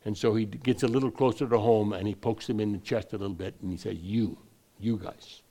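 Gravelly-voiced male preacher. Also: on the low side, fast talker, mellow. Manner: digressive, frequent restarts, rising emphasis on key points. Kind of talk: sermon.

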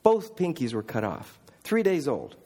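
A middle-aged man preaching a sermon as a missionary, telling stories earnestly and emphatically, often dropping quiet and then rising again. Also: mid-range voice, wildly swooping pitch, measured pace, husky. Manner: earnest, emphatic, with restarts and swings from loud to quiet. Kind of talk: sermon storytelling.

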